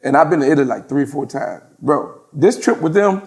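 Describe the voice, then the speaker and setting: A man, a podcast guest telling profane, animated stories and laughing through them. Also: fairly high pitch, brisk. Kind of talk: casual storytelling in an interview.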